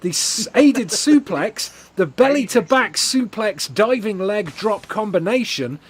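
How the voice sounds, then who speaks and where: A young English man telling an absurd comic story as a stream host, veering from low mumbles to loud shouts. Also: expressive, measured pace, breathy edge. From England.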